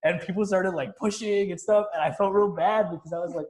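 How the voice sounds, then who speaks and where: A young man hosting a casual chat, telling animated stories and laughing often. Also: high voice, fairly quick. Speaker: podcast host. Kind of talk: casual conversation.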